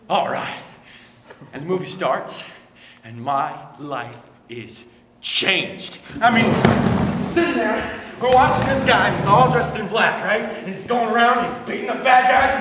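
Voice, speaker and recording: A young man delivers a comic one-man stage monologue, self-deprecating and easily worked up. His voice is high and swings widely. The sound is distant and echoey, with a long hall reverb and clear noise. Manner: animated, self-deprecating, excitable. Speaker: solo stage performer. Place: university theater stage.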